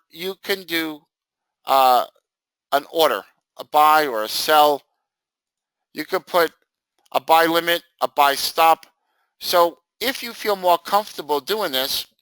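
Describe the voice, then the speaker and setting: Male trading instructor, high bright voice, joking and animated, close dry mic. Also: clear, resonant tone, dry recording, rough recording. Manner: animated, jokey, acts out students' reactions. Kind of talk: live screen-share training session.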